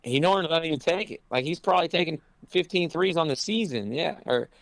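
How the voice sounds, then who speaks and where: A man's voice: fairly high pitch, fast talker, gravelly, fairly bright tone, no echo. A man who coaches college basketball, talking casually in an interview and rambling with lots of "you know" fillers.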